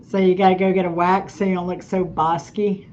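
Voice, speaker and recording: A woman hosting a casual livestream game night, easygoing and quick to laugh, over muffled stream audio with faint hiss. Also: fairly low pitch, little pitch movement, a little mellow.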